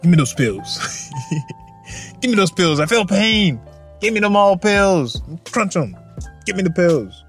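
A man's voice: very animated, a little slow, pauses often, faint music behind, full character voice. A man voicing a whiny adult man who begs a doctor for pills, pleading and frantic. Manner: pleading, high-pitched and frantic.

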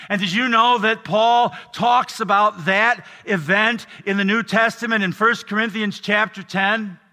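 An older man preaching a sermon as pastor, earnest, dropping soft and low and then rising to emphatic lines. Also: steady tone, unhurried, in a large hall. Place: church.

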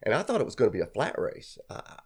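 A man's voice: mid-range voice, wildly swooping pitch, quick pace, breathy edge. A middle-aged man telling a long personal story in casual chat, rambling and laughing at himself. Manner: rambling, self-deprecating, laughs often.

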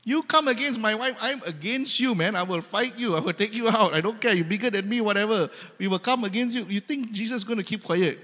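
High-voiced preacher, Malaysian English accent. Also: male voice, brisk, few pauses, pushed and bright. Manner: emphatic, repetitive, humorous. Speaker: pastor. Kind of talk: sermon. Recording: long hall reverb.

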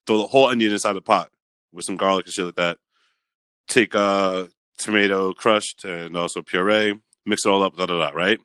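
A man co-hosting a podcast in casual banter, animated and argumentative, explaining at length. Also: sits low, normal speed, clean tone, no echo. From New England. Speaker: podcast co-host.

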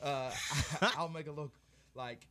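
A man's voice: a little high, normal speed, crowd noise. A man co-hosting a casual podcast chat, rambling with many fillers and frequent laughter. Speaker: podcast co-host.

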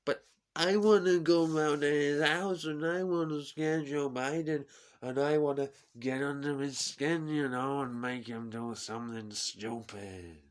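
A man doing a comic impression of a boastful, bumbling older male politician who talks loudly and stammers. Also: fairly low pitch, unhurried. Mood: blustering. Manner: loud, stammering, whiny.

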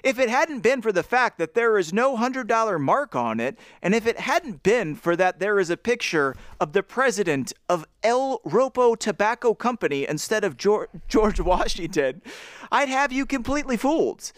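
A man's voice: high-pitched, sing-song, normal speed, no echo, studio quality, voice pushed up. A man voicing a mocking, stout teenage prankster with a put-on American Southern accent, theatrical and wheedling. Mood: mock solemn.

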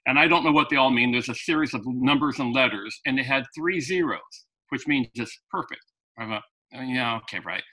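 Bright-voiced man telling a story. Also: mid-range voice, fairly quick, husky, low-quality recording. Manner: animated anecdotal, with frequent restarts. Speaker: guest. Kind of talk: storytelling in conversation.

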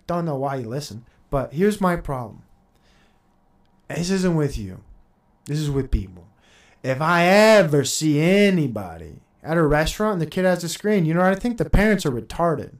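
A man's voice: on the high side, sing-song, moderate pace. A man in his thirties hosting a podcast, ranting in a heated, profane and sarcastic monologue, laughing between points. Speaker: podcast host.

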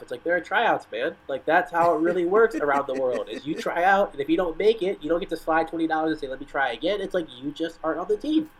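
A man's voice: fairly high pitch, lively intonation, quick pace, few pauses, poor audio. A man talking casually as a guest on a soccer podcast, telling rambling stories full of "like" and "you know". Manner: rambling storyteller, lots of "like".

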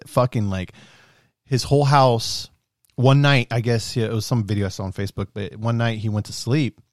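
A man's voice: mid-range voice, no echo, studio quality. A man chatting casually and telling a story, loose and profane, often laughing. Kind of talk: casual chat.

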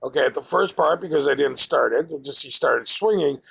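Gravelly blunt man ranting. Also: on the high side, fairly quick, a bit bright, low-quality recording. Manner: blunt, profane, exasperated. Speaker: vlogger. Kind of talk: opinion rant to camera.

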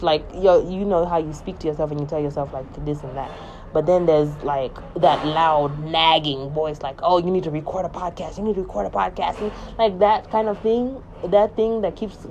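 A woman's voice: low-pitched, mellow, a little hiss or hum, rough recording. A woman in a casual spiritual monologue, rambling and emphatic, often repeating herself.

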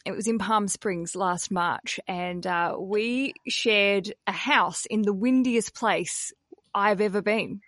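A woman's voice: medium pitch, takes it slowly, fairly bright tone, no room sound, studio quality. A woman hosting a podcast, chatting casually, laughing often and swearing freely. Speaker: podcast host.

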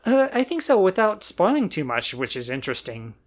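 A podcast co-host chatting casually at a medium pitch. The delivery is relaxed and agreeable, with frequent murmured affirmations. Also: a little fast. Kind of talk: casual chat.

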